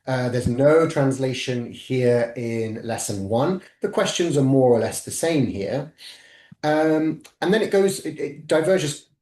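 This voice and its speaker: A man's voice: medium pitch, measured pace, darkish tone, echoey room. A man giving an academic webinar talk, methodically walking listeners through slides. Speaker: webinar presenter.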